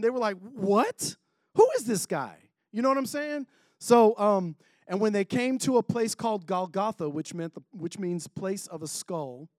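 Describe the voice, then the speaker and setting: A man's voice: sits high, no echo. A man preaching a sermon in a casual way, with joking asides.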